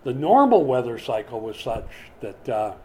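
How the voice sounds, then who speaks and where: A man preaching a sermon in a conversational, animated way, with sudden dramatic swings and words repeated as he builds a point. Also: mid-range voice, normal speed, slight background noise. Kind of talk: expository sermon.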